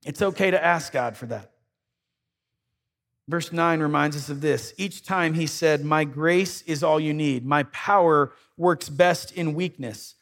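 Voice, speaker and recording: A man's voice: a little high, gravelly, fairly bright tone. A man preaching a sermon in a conversational way, with dry irony and acted-out prayers. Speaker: pastor.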